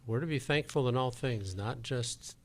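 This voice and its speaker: A man in a radio studio asking listeners for donations, relaxed, folksy and sincere. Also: medium pitch, normal speed, noisy background. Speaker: radio show fundraiser.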